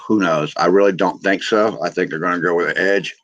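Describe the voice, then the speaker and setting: A man joining a podcast as a guest, talking football in a halting, plainspoken way. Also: sits low, fairly even intonation, fairly bright tone, lo-fi sound. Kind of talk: casual football talk.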